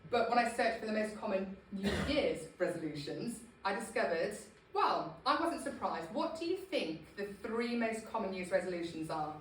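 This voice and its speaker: A Scottish woman gives a chatty, humorous talk to a small group, often laughing at herself. Her mid-range voice is expressive, at normal speed with few pauses, heard from a distance in an echoey room with a little hiss or hum.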